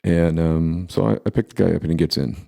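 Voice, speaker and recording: A man in his forties with an extremely deep, gravelly voice tells a personal story in a casual, unhurried way. His tone is dark and mellow, and he often pauses and starts sentences over. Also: fairly even intonation. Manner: halting, with many pauses and restarts.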